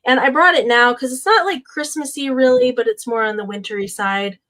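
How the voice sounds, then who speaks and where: A woman hosting a live vintage sale, describing each piece in an unhurried way with many uhs and ums. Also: on the high side, a bit bright. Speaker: live sale host and seller. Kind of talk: casual live sale pitch.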